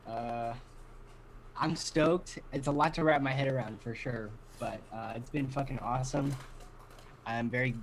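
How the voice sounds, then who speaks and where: A man's voice: medium pitch, measured pace, a crowd in the background. A young man guesting on a casual podcast, laid-back and swearing casually as he tells stories with many fillers. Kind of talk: casual interview chat.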